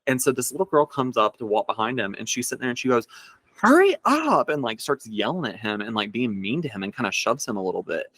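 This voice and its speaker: Low-voiced young man rambling casually. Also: quick pace, hardly any pauses, fairly bright tone, no room sound. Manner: rambling storyteller, heavy filler "like". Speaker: podcast co-host. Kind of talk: casual chat.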